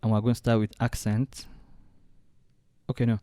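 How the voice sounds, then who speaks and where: A man walking through a design software tutorial step by step, thinking aloud as he clicks along. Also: medium pitch, little pitch movement, normal speed, no room sound. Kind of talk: screen-recorded software tutorial.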